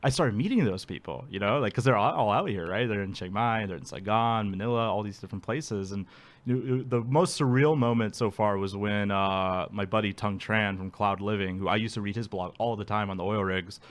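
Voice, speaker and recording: A man's voice: on the low side, brisk. A man being interviewed, telling his story casually, laughing often and acting out quotes. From Alaska. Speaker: guest.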